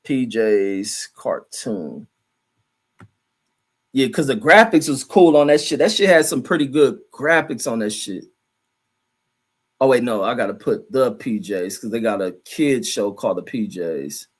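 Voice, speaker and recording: A middle-aged man with a husky, medium-pitched voice chats casually on a livestream from home at normal speed. He rambles loosely and profanely, reading viewer comments aloud and riffing on them.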